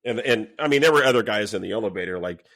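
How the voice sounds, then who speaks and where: A man's voice: lowish voice, fast. A man, a former police officer, telling a story in a casual podcast interview, swearing freely and acting out what people said. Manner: animated, swears freely, acts out quoted lines.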